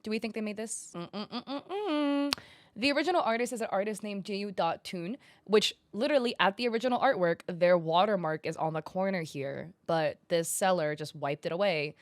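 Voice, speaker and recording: A woman giving casual online commentary, animated and sarcastic, reading messages aloud with exasperation. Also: on the low side, fairly quick, few pauses. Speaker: commentary YouTuber.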